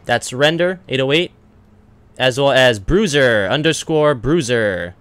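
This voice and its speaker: A man hosting his own gaming channel, giving casual, excitable commentary over a naval battle game and swearing freely as he talks to the enemy. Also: mid-range voice, unhurried, smooth, no room sound. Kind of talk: live gameplay commentary.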